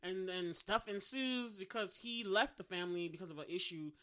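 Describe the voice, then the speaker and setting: A woman's voice: mid-range voice, moderate pace. A woman co-hosting a podcast, telling a story in casual chat and laughing as she mimics accents. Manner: chatty, animated, laughs while mimicking accents. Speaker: podcast co-host.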